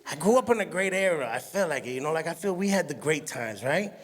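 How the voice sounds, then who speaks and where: Fast-talking and high-voiced, this middle-aged comedian of Puerto Rican heritage does a stand-up routine full of animated stories. He acts out his mother with high-pitched shrieks, and the show hall's long reverb carries through.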